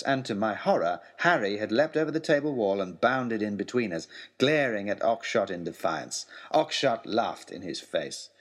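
A man narrating a children's adventure story in a dramatic, expressive storytelling manner. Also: on the low side, normal speed, few pauses.

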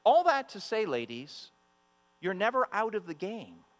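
High-voiced preacher in a reverberant hall. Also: male voice, big pitch swings, a little slow. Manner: emphatic, repeats phrases, speaks directly to the women in the room. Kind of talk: sermon. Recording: long hall reverb with mains hum.

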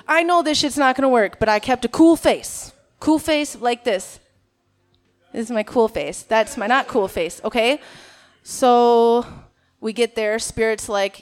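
On stage at a live show, a nervous woman comedian from Minnesota chats with the audience in a self-deprecating way. She speaks unhurriedly, with a fairly high pitch.

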